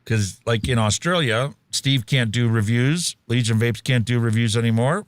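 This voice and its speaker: A man co-hosting a casual podcast talk show rambles in a mid-range voice at a moderate pace, jokey and heavy on fillers and dad jokes. The recording is dry, with a clean studio sound.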